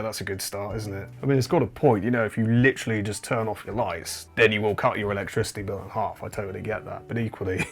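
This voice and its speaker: A man hosting a comedic commentary, wry and incredulous, often breaking into chuckles. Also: mid-range voice. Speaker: host.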